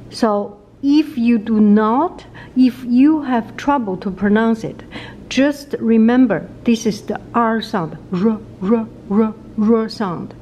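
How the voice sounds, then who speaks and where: A woman with a Chinese accent teaches pronunciation in a casual video lesson. She talks slowly and patiently and repeats each sound again and again. Her voice is mellow, with faint noise behind it. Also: mid-range voice, highs cut off. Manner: repeats sounds many times, slow and patient.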